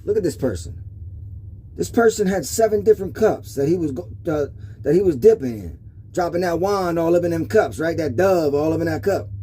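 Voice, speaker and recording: A man's voice: a little high, expressive, a little fast, warm tone, a little hiss or hum. A middle-aged man giving a casual tarot reading monologue, emotional and confiding, often checking in with "okay?". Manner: emotional, confiding, repetitive with frequent "okay?" asides. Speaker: tarot reader.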